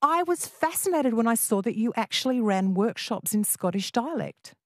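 A woman hosts a radio phone-in, chatty and playful with her listeners. Her voice sits close and dry on the studio mic. She keeps things lively and light. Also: on the high side, moderate pace, no echo. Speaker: radio host.

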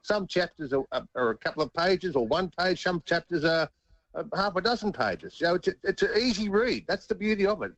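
A man's voice: sits high, sing-song, fairly quick, hardly any pauses, a bit bright, dry recording, dull audio. An Australian man, a former rugby league player, telling stories in a chatty interview and often restarting his sentences. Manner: chatty, restarts and repeats words. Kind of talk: casual interview anecdote.

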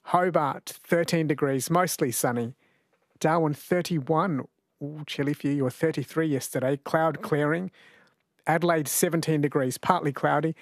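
A man hosting a late-night radio quiz, chatty and quick to laugh, slowing down to read each question. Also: fairly high pitch, fairly even intonation, no echo, clean studio sound. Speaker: radio host. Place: radio studio. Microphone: studio microphone.

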